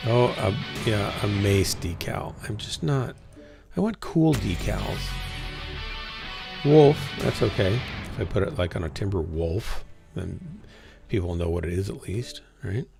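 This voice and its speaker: With music underneath, a livestreaming gamer speaks in a lowish, expressive, creaky voice at a slightly slow pace. He's worn out and yawning, rambling to himself and his small chat as he plays.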